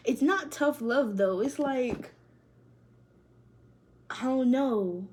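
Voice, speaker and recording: A young woman gives a casual tarot reading, full of slang, swearing and laughter. Her voice sits high but sounds mellow and soft-edged. A faint hiss runs under the home recording. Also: slow pace, long pauses. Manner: loose, slangy and profane, laughing often. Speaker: tarot reader.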